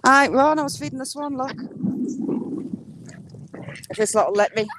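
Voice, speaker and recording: A woman chatting casually on a walk by the water, filming on a handheld phone and cooing at ducks in a high sing-song voice. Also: normal speed, a little hiss or hum. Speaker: vlogger. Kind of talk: casual walking vlog. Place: outdoors by water.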